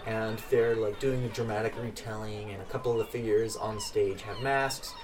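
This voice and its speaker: A man's voice: lowish voice, steady tone, normal speed, noisy background. Rambling male game master, off mic. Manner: loose, rambling, lots of fillers. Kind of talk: narrating a tabletop game. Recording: far from the mic with music behind.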